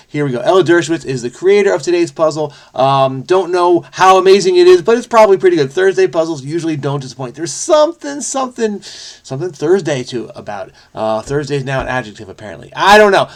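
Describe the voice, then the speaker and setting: A man talks his way through a crossword puzzle, wondering aloud and doubting himself as he goes. His voice sits somewhat high for a man, and his delivery is loose and casual. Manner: rambling, self-questioning, frequent "I don't know". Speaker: crossword solving video host.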